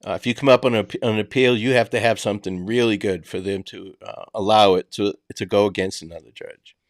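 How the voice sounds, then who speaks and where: A man's voice: lowish voice, fairly even intonation, fairly quick, no echo, clean studio sound. Boston-accented man in casual chat. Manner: conversational, emphatic, drops filler words. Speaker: podcast host. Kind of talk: casual true-crime discussion.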